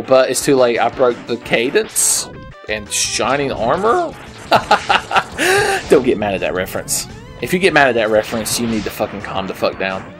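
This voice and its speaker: A slightly drunk young man plays a video game and talks over it, with rambling, foul-mouthed commentary that drops to mutters and then jumps into shouts. His voice sits at an ordinary middle pitch, his words slur a bit, and faint game music plays underneath. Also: huge pitch swings, normal speed. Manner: rambling, profane, swings between mutters and yells. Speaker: gaming video maker. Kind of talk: drunken let's play commentary. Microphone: headset.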